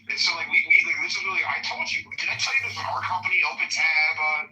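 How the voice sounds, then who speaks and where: A man in casual podcast chat, swearing a lot as he tells an animated story. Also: fairly high pitch, fast talker. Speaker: podcast host. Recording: roomy echo, mic at a distance.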